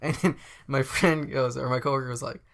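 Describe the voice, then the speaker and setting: Male podcast co-host, gravelly, casual rambling chat, jokey. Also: medium pitch, steady tone, fairly quick, a bit bright. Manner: rambling, laughing, acts out bits in put-on voices.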